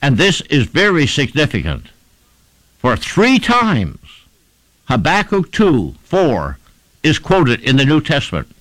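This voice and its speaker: A man's voice: fairly high pitch, huge pitch swings, slow, a bit bright, dry recording, rough recording. A man preaching a sermon, stressing his points and repeating phrases in rhythmic lists.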